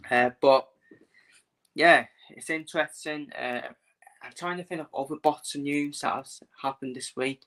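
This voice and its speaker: A man's voice: fairly high pitch, measured pace, a bit bright. A man talking casually to viewers in a live stream, often repeating his phrases and filling gaps with "uh". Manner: repeats himself, fillers, talks to viewers. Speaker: boxing vlogger.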